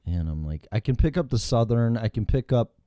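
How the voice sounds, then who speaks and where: A man with a Chicago accent hosting a talk show in casual, profane chat, telling animated stories. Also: medium pitch, brisk, dry recording, highs cut off.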